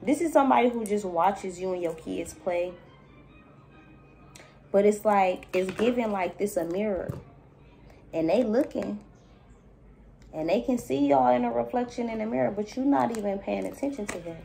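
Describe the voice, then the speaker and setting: A woman with a gravelly, fry-edged voice gives a loose, chatty spiritual reading to the camera. Her tone sits dark and mellow, and she speaks directly to the listener, calling them baby and circling her points with easy filler. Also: medium pitch, normal speed, long pauses, faint music behind. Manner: chatty, loose, full of "it's giving, like"; talks straight to the viewer, calls them baby. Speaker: spiritual reader. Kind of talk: casual intuitive reading to viewers.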